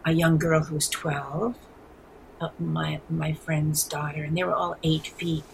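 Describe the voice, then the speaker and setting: Casting: seventies woman, New York accent, low gravelly voice, rambling storyteller, faint hiss behind. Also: a little slow, rough recording. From New York City. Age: 70s. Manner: rambling, animated storyteller with frequent restarts. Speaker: guest artist. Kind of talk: casual interview.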